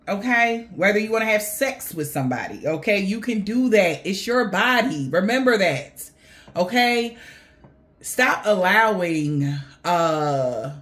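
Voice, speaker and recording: A woman giving a casual tarot reading to her viewers, animated and slangy, swearing and laughing often. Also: lowish voice. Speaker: tarot reader.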